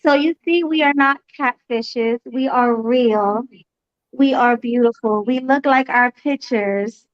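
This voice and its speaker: A woman's voice: on the high side, takes it slowly, no room sound. A young woman hosting a casual livestream chat, nervous and a bit self-conscious. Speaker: host. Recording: slightly dull, dry webcam audio.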